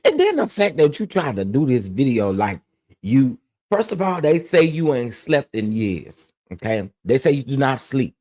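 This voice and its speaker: A man's voice: mid-range voice, big pitch swings, moderate pace, a little mellow. A man hosting his own commentary channel, ranting bluntly and emphatically and repeating phrases to press his point.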